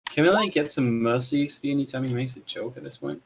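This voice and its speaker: A man's voice: medium pitch, expressive, fast talker. A man playing a tabletop role-playing game who teases the others in a dry way. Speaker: player. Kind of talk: tabletop role-play banter.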